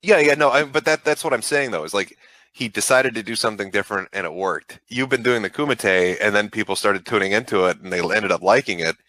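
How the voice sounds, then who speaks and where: Host-type guy, crisp-bright and fairly low, dry close sound, swears constantly while rambling through advice. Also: brisk, no echo. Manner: profane, rambling, frank advice. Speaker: online show host. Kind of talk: casual call-in chat.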